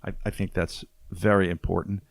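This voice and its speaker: A man's voice: deep voice, flat delivery, moderate pace, creaky, dry recording. A man with a Boston accent hosting a casual podcast, talking reflectively and summing up ideas with easy laughs. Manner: reflective, wraps up with summaries, laughs easily. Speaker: podcast host.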